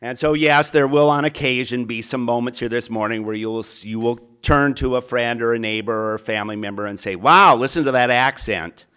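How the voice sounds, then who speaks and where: A man's voice: mid-range voice, fairly even intonation, a little fast, hardly any pauses, a bit bright, clear, resonant tone. A middle-aged man with a Minnesota accent, a college counselor giving a chatty, earnest speech to an audience in an auditorium. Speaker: college counselor, keynote speaker.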